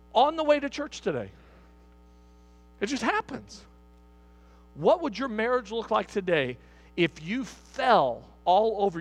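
A man's voice: sits high, fairly bright tone. A middle-aged man, a pastor, preaching a sermon in a church hall, driving points home with repeated questions to the congregation.

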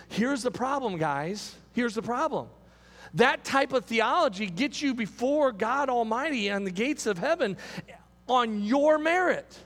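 A man with a very high voice preaches a sermon as pastor, driving his points home through emphatic repetition. His words ring out with the long reverb of a large hall. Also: animated, measured pace, fairly bright tone.

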